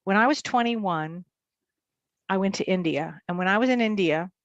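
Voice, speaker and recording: A woman working as a medium tells a personal story as an interview guest, fast and vivid, acting out the dialogue. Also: mid-range voice, no echo, highs cut off.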